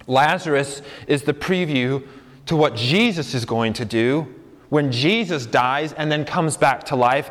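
A man's voice: mid-range voice, a little slow, fairly bright tone. A man preaching a sermon as pastor, earnest and conversational. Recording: long hall reverb.

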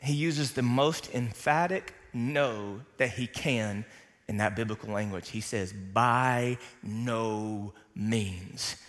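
A man's voice: mid-range voice, unhurried, in a large hall. A man preaching a sermon to a congregation, emphatic and calling out for responses. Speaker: pastor.

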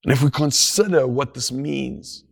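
Male preacher, husky, unhurried delivery, hushes down for emphasis. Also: medium pitch. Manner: slow, deliberate, drops to a hush for emphasis. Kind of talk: sermon.

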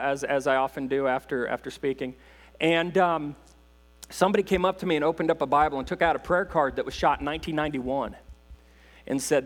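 A man, a visiting missionary preaching in a church with folksy, self-deprecating humor. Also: on the high side. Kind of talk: sermon, casual storytelling. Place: church sanctuary.

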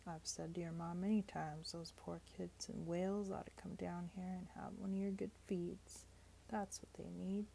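A woman's voice: lowish voice, flat delivery, moderate pace, gravelly, warm tone, slight background noise. A woman reading aloud, voicing a hearty, agreeable older working-class father.

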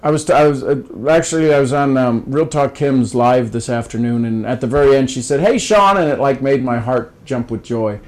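A man's voice: mid-range voice, fairly even intonation, fairly quick, hardly any pauses, darkish tone, poor audio. Folksy older man giving advice. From Ohio. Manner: folksy, restarts and repeats words, coaching tone. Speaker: podcast guest. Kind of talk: casual advice-giving conversation.

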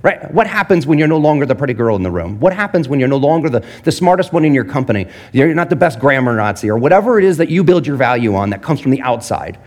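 A male pastor giving a casual, conversational sermon, animated and jokey, often asking his audience questions. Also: mid-range voice, fast, hardly any pauses.

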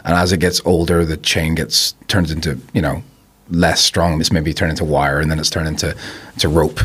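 A man's voice: a bass voice, little pitch movement, normal speed, a bit bright, breathy edge. A man talking as a podcast guest in casual conversation, reflective and rambling, laughing easily.

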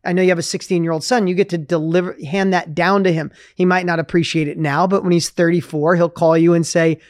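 A man's voice: a little high, fairly even intonation, fast talker. A man in his fifties, a podcast host speaking in a reflective, emphatic, coaching way. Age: 50s. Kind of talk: podcast interview.

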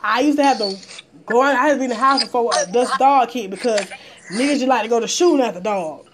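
A woman from the Atlanta area, talking bluntly and profanely in casual conversation, animated as she tells stories. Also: a little high, fast, background noise.

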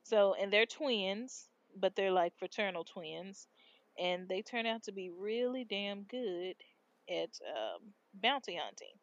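Slow, laid-back woman chatting. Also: mid-range voice, expressive, no echo, highs cut off. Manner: slangy, laid-back storytelling with fillers. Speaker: podcast co-host. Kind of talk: casual chat.

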